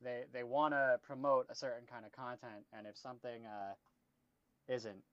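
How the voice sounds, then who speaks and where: A man's voice: mid-range voice, flat delivery, normal speed. A man co-hosting a casual podcast, speaking bluntly and swearing freely. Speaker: podcast co-host. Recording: dry, dull lo-fi mic.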